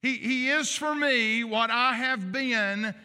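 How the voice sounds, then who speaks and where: High, bright-voiced preacher in a reverberant hall. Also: male voice, takes it slowly. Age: middle-aged. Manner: earnest, emphatic preaching with repetition. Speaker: pastor. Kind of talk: sermon. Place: church sanctuary. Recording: long reverb of a large hall.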